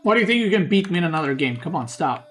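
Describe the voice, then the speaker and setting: A man's voice: fairly high pitch, very animated, racing, a bit bright, a little hiss or hum. A man doing casual stream commentary on a strategy game, joking and bickering with his chat and swearing now and then. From Serbia. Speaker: streamer casting a tournament.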